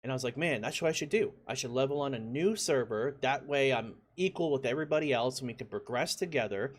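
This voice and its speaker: A man telling a casual personal story as a gaming YouTuber, full of "like" fillers, breaking into excited shouts when he quotes himself. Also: medium pitch, fast. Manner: lots of "like" fillers, conversational.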